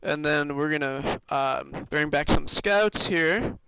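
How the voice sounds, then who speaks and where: A man's voice: on the high side, slow, vocal fry, sharp tone, smooth, no room sound, rough recording. A man streaming a hockey management game, thinking aloud in casual commentary with many fillers and restarts. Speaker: gaming streamer.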